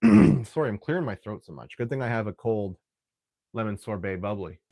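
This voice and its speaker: A man's voice: fairly low pitch, a little fast, darkish tone, dry recording, studio quality. Rambling man chatting while building. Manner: rambling, frequent restarts and throat clearing. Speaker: live stream host building Lego. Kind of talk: casual live stream chat.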